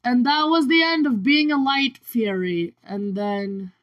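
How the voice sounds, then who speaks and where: Speaking unhurriedly in a fairly high voice, a woman vlogger rambles through a story from her own life. She keeps connecting events with "and then." The sound is lo-fi.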